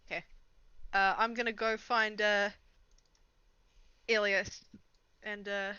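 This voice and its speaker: A woman's voice: mid-range voice, flat delivery, slow, sharp tone, clear, resonant tone, no room sound, lo-fi sound. A woman playing in a tabletop game, asking eager questions that trail off. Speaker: player.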